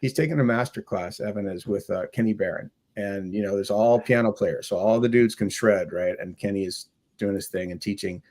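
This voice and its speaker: A middle-aged man, a music teacher, telling a story in earnest, relaxed podcast chat. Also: on the low side, a little fast. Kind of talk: casual chat.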